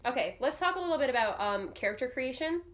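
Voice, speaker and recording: Co-host, woman, young adult, slightly high voice, easygoing advice-giver. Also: lively intonation, quick pace, a bit bright. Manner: chatty, advice-giving, many fillers. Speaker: podcast co-host. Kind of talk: casual podcast chat.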